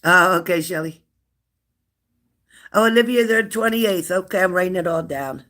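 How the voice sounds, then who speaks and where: A man's voice: high-pitched, moderate pace, sharp tone. A middle-aged man hosting a casual livestream, chatting with viewers, teasing them and repeating his questions. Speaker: livestream host. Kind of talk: casual livestream chat reading viewer comments.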